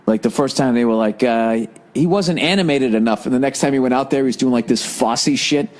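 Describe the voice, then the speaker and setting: A man's voice: mid-range voice, steady tone, a little fast, a little mellow. Profane man ranting on a podcast. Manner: profane, rambling, exasperated. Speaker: podcast host. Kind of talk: solo comedic podcast rant.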